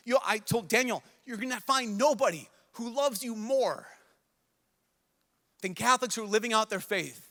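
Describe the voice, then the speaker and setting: A young priest pleads earnestly with a large crowd at a youth conference, his very high-pitched, fairly bright voice moving at normal speed. It's an emotional sermon in which he repeats himself, recorded in a large conference hall with long reverb.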